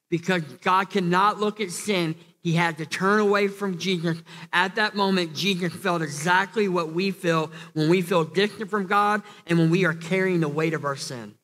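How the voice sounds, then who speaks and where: Earnest high-voiced pastor in a reverberant church. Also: male voice, pushed and bright. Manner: earnest, repeats and restarts phrases, rises to emphatic peaks. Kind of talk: sermon. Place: church hall. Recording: long church hall reverb.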